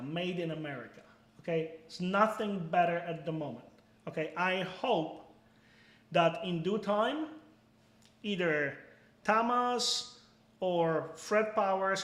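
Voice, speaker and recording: Plain-spoken male stream host, forceful and emphatic, slightly raised pitch, roomy echo. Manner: blunt, emphatic, peppers talk with "okay?" and swearing. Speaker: bait seller hosting a live stream. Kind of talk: casual live-stream chat answering viewers.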